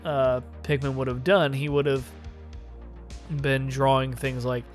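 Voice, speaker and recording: A man's voice: medium pitch, little pitch movement, unhurried. A man giving a casual, opinionated, rambling review. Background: faint music.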